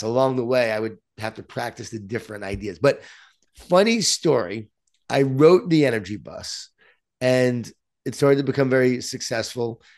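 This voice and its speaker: A man from Long Island with a New York accent, an author telling stories as a guest, animated and self-deprecating. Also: medium pitch. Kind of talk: storytelling in conversation.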